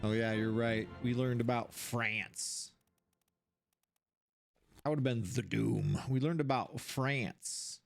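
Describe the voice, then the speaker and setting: An animated streamer, thinking aloud while playing a game, voice jumping up high when surprised. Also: takes it slowly, gravelly, long pauses, soft background music. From Seattle area, USA. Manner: animated, puzzling things out, sudden jumps to high pitch.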